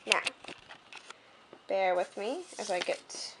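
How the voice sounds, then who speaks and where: A woman's voice: mid-range voice, background noise. Young woman tutoring French on camera. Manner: explains clearly, pauses to adjust the camera. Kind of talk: homemade video lesson.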